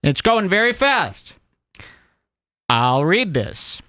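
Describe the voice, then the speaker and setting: A man hosting a crude comedic commentary show, mocking and animated, reading chat aloud. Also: high-pitched, slow pace, clean tone, no room sound. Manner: mocking, animated, puts on silly voices. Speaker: show host.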